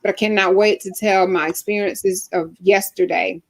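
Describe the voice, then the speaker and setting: A woman's voice: medium pitch, fairly even intonation, normal speed, vocal fry. Earnest woman hosting a video chat. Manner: earnest, encouraging, speaks of her own life. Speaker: host. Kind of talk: casual group video chat. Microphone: video call.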